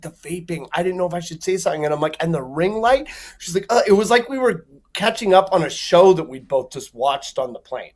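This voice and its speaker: A man's voice: on the high side, quick pace, hardly any pauses. A man, a comedian guest on a talk show, telling a story with lots of energy and acting out the people in it. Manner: lively, swearing, acts out voices in a story. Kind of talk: animated storytelling.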